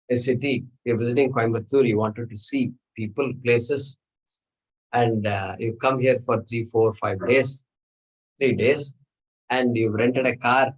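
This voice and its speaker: A man's voice: medium pitch, slow, pauses often, poor audio. A man teaching a scripture class, explaining patiently and repeating phrases, with Sanskrit terms mixed in.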